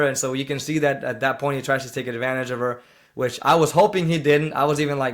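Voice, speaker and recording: Reaction host, young man, mid-pitched voice, casual rambling recap with lots of "um" and "like", quick to get indignant at the characters. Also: steady tone, fairly bright tone. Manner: rambling, full of fillers and restarts, indignant asides. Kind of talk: casual commentary recapping a film.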